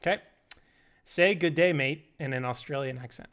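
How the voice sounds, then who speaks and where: Bright-voiced young man quizzing a friend. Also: a little high, normal speed, clear, resonant tone. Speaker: podcast co-host. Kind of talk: casual chat, quick-fire questions.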